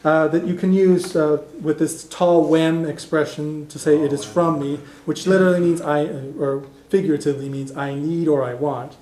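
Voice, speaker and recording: A man's voice: on the high side, steady tone, moderate pace, few pauses, a little mellow, slight background noise. A man teaching a beginner language class, explaining patiently with fillers and restarts. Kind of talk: classroom lesson. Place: classroom in a cultural center. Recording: echoey classroom recording.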